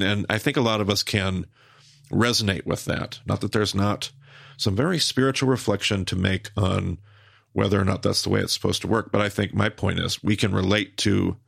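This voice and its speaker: A man with a low, gravelly voice teaches scripture in a relaxed podcast conversation. He talks emphatically and thinks aloud, circling back and restarting his phrases. The sound is dry and close to the mic. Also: moderate pace, no echo. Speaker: podcast host and Bible teacher.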